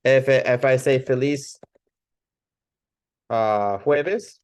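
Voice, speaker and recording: A man's voice: mid-range voice, slow pace, clean tone. Man giving a chatty training talk. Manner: relaxed, chatty, loose restarts, short laughs. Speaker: chiropractic trainer.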